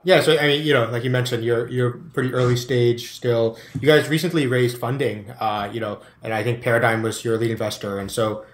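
Male podcast host, middle pitch, echoey room, rambling questions. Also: steady tone, brisk, few pauses. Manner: rambling, filler-heavy questions. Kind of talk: casual interview questions. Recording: roomy echo.

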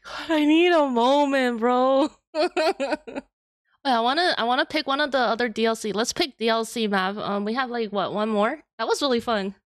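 A young woman streaming live, chatting excitedly and laughing as she plays a kart racing game. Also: on the high side, moderate pace, dry recording. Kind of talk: live gameplay commentary. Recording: game music loud behind voice.

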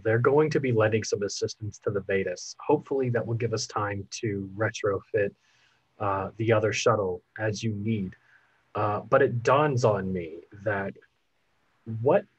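A man playing a brisk starship captain, husky. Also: lowish voice, no echo, dull audio. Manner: brisk, giving orders. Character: decisive male starship captain. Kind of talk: voicing a character in a tabletop game.

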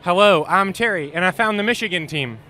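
A man joking around as a mock sports reporter, interviewing fans outdoors at a stadium tailgate with goofy, deadpan punchlines. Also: high-pitched, a little fast.

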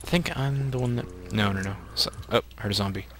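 On the low side and a little fast, his fairly bright voice comes with a slight hiss or hum. He's hosting a co-op survival game, chatting casually, teasing his partner and thinking aloud as he plays.

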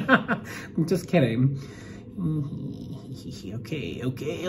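A young man talking excitedly in a casual reaction vlog, stammering and fidgety, from a room while on a work trip, on a phone mic. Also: mid-range voice, slow pace, background noise. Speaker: vlogger.

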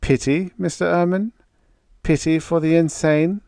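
An audiobook narrator voicing Solonar, a hard, ruthless businessman who speaks in a crisp and curt way. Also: on the high side, steady tone, measured pace, darkish tone, no echo, clean studio sound, voice pushed up. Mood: curt, cold.

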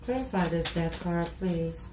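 A woman's voice: on the low side, a little slow. A woman giving a casual tarot reading to camera, talking bluntly and with plenty of swearing, often saying "you know". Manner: blunt, profane and talkative, with repeated "you know". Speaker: tarot reader. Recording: echoey room with steady noise.

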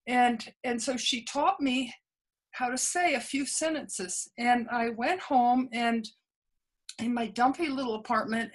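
Poor audio captures a woman with a slightly high voice, a memoir author appearing as an interview guest. She earnestly tells stories from her past, acting out quoted dialogue and restarting herself often in small ways.

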